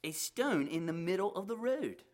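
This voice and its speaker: An excitable shepherd exclaims loudly, his voice pitched high and his words drawn out slowly. A man acts him out in a read-aloud parable. He grumbles about the trouble he's facing. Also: heavily acted. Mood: exclaiming.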